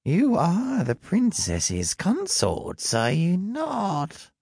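An eerie, calm elven woman in a porcelain mask, as a male narrator puts her on, with a soft accent and a high, airy voice. She speaks very slowly and formally, each word measured and cool. The recording is close and dry. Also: vocal fry, husky, no echo, heavily acted. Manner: formal, unhurried, detached.

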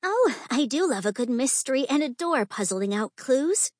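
A giggly, gushing young society lady with an eager, breathless delivery, as a woman narrator puts her on. Her voice sits higher than the narrator's plain tone and is recorded dry and close. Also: big pitch swings, moderate pace, a little mellow, dry recording.

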